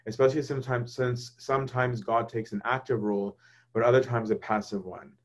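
A man teaching in a casual, conversational way. He keeps checking in with "right?" and acts out quoted thoughts in lively voices. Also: medium pitch, a little fast. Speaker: speaker leading a faith discussion.

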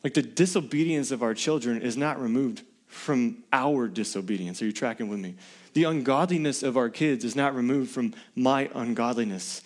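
A man's voice: medium pitch, moderate pace. A pastor delivering an earnest, conversational sermon to his congregation, often asking the listeners questions.

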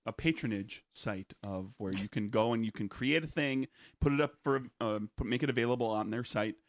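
A man's voice: mid-range voice, brisk. A man co-hosting a podcast, explaining news at length in casual chat with many restarts. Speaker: podcast co-host.

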